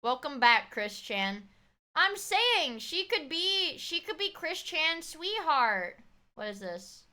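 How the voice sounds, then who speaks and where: A woman streamer chatting casually as she reacts to a video, excitable and swearing, shrieking thanks to her viewers. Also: very high-pitched, takes it slowly.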